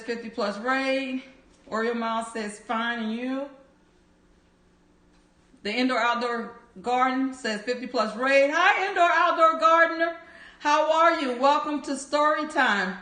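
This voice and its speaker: A woman's voice: high-pitched, fairly bright tone. A woman hosting a livestream, cheerfully greeting viewers by name and reading their chat comments aloud. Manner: upbeat, cheering. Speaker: livestream host. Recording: echoey room.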